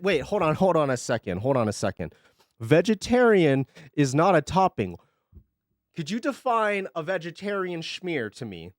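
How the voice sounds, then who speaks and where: Chatting on a live stream, this young man has a mid-range, darkish voice and a bouncy, sarcastic, profane way of rambling. The close mic gives a dry sound with no echo.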